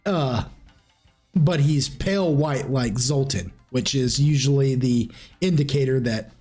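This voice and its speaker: A man's voice: mid-range voice, measured pace, darkish tone, soft background music. A man running a tabletop game as game master, narrating in a rambling, informal way with restarts. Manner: rambling, informal, frequent restarts and clearing throat.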